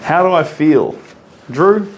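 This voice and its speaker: A man talks casually while he paints live, humming little tunes and reading out viewer comments as they come in. His voice moves a lot, rising and falling in lively swings. A faint hum of studio noise sits behind him. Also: fairly high pitch, slow. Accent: non-American English, rolled R. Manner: chatty, hums and sings to himself, reads out and answers chat comments. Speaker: artist streaming live painting.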